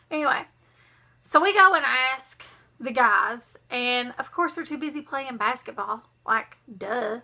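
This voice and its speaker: A young woman, telling a story to her vlog viewers in a dramatic, animated way. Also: on the high side, unhurried. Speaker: vlogger.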